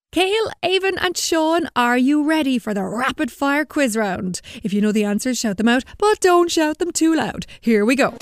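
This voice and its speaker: Expressive woman storyteller over faint music. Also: on the high side. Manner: friendly, expressive. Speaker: storyteller and quiz host. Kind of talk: storytelling for children.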